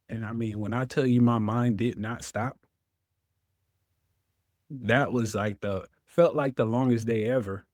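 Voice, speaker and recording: A man's voice: medium pitch, steady tone, a little slow, long pauses, darkish tone, no room sound, clean studio sound. A man, a veteran guest telling his story in an interview, acting out his own past words.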